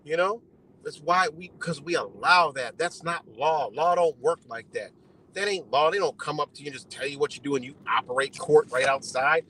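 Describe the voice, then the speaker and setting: A man's voice: fairly high pitch, moderate pace, fairly bright tone, slight background noise, low-quality recording. A man ranting on a live stream in a heated, profane way, repeating his points and tagging them with "you know". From United States. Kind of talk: casual rant on a live stream.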